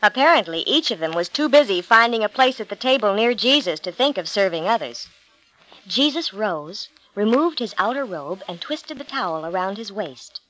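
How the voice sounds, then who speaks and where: A woman narrating a Bible story for a storybook reading, steady and clear. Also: medium pitch, normal speed, rough recording.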